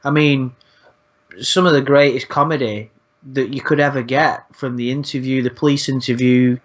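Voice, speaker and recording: A man's voice: mid-range voice, steady tone, moderate pace. Rambling man, lo-fi sound. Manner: rambling, frequent swearing, repeats words. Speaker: channel host. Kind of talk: casual podcast chat. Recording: dull lo-fi sound.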